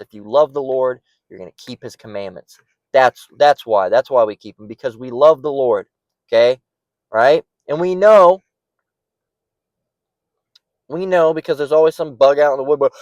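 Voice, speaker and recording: A man's voice: mid-range voice, normal speed, pauses often, darkish tone, no room sound, rough recording. Blunt man teaching scripture, dry sound. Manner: emphatic, keeps checking in with "all right?"; blunt and mocking. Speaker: bible teacher. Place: near a parking lot.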